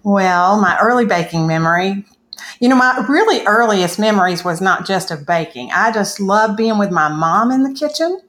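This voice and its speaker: A woman's voice: medium pitch, expressive, moderate pace, fairly bright tone. Older woman fondly reminiscing. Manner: fond, reminiscing, with little laughs. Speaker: guest mother. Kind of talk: casual storytelling.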